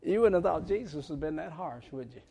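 Folksy preacher with a high voice. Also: male voice, lively intonation, fairly quick, creaky, mellow, breathy edge. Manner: folksy, frank, chuckling asides. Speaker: pastor. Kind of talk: sermon.

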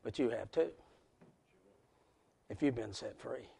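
A man with a West Virginia accent preaching a folksy sermon to a congregation, swinging from shouts to hushed words. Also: medium pitch, lively intonation, measured pace, vocal fry, slightly rough. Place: church service before a congregation.

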